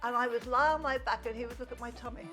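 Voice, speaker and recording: A woman's voice: on the high side, fast, a bit bright, faint music behind. An older woman from London chatting fondly and teasingly while guiding a cooking session in a home kitchen, rambling into stories. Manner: fond, teasing, rambling storyteller. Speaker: cooking co-host and mother figure. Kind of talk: casual cooking chat.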